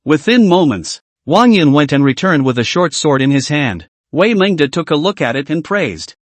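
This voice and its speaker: A man narrating a story recap in a steady storytelling manner. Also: fairly high pitch, normal speed, no room sound.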